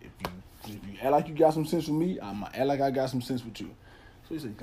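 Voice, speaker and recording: A man's voice: mid-range voice, fast, warm tone, slightly rough. A man telling a personal story on his podcast, candid and swearing freely, often repeating himself. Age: adult, father of a son. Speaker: podcast host. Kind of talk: casual storytelling. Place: Nashville area.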